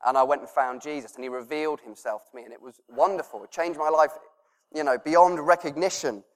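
Guy preaching a sermon, earnest, soft laughs, hushed prayer bits, echoey church hall. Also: a little high, a little fast. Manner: earnest, laughs softly, drops to a hush for prayers. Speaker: pastor.

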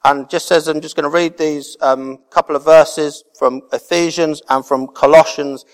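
A man's voice: fairly high pitch, fairly even intonation, moderate pace. A man preaching a sermon as pastor, earnest and repeating key words for emphasis. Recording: reverberant hall.

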